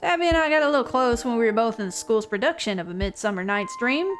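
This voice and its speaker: A woman's voice: a little high, expressive, fast, natural voice. A woman voicing a chatty elderly townswoman with a sly, dry wit as she reads a visual novel aloud. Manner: teasing, gossipy and theatrical. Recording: game music behind the voice.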